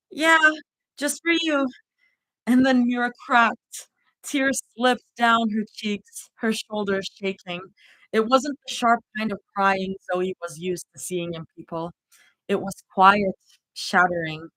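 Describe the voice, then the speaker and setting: A woman reads a fanfiction chapter aloud in a live reading, her voice bright and forward. She narrates expressively and is recorded close and dry, with no room sound. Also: mid-range voice, no room sound, rough recording. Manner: expressive reading with emotional reactions. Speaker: fanfiction reader.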